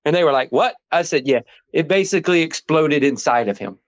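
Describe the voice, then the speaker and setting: A man, co-hosting a casual sports podcast, telling animated, profane stories and quoting himself. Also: on the high side, fairly quick, no echo. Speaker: podcast co-host. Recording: dull, dry lo-fi sound.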